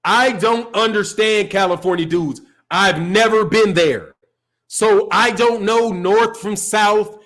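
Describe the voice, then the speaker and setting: A man from Chicago speaks slowly in a high-pitched, slightly bright voice with a Chicago accent. As a boxing channel host on a live stream, he delivers a casual rant that rambles, swears freely and breaks into frequent laughs.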